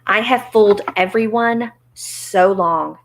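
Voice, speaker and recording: A woman's voice: medium pitch, slow pace. A woman voicing a timid little old man who has posed as a great wizard, speaking meekly and shakily. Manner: trembling, meek.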